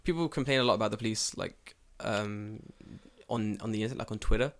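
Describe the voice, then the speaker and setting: A man's voice: on the low side, fairly quick, vocal fry. Profane storytelling man, casual chat. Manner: profane, storytelling, acts out quotes. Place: lives in Japan.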